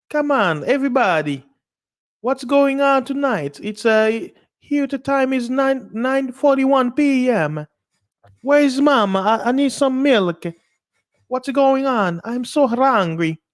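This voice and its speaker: A man putting on a high, nasal mock-Italian voice, playing a hungry whiny man who calls for his mama. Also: full character voice.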